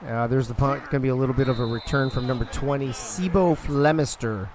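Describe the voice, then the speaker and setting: A man's voice: medium pitch, a little fast, background noise. A young man calling a football video game live on a stream, loose and profane, talking to his chat between plays.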